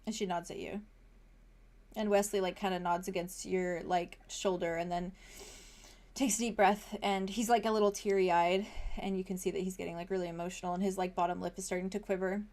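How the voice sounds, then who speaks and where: A woman's voice: lowish voice, level tone, a little fast, a little mellow. Chatty woman narrating as game master. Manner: chatty, filler-heavy narration with laughs.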